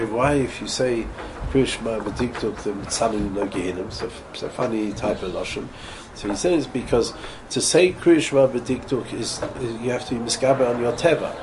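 Man teaching a Torah class, noisy room. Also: fairly low pitch. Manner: explains step by step, repeats words, models careful pronunciation. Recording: noisy ambient room recording.

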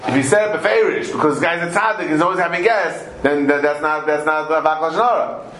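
A man's voice: a little high, fast talker, a bit bright. A man teaching a Talmud study class, explaining emphatically and often repeating words as he goes. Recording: echoey room with faint background noise.

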